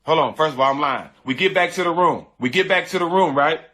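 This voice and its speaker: A man's voice: a little high, quick pace, pushed and bright. A man earnestly recounting a painful personal story in slangy, repetitive casual talk. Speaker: guest telling a personal story. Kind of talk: emotional storytelling.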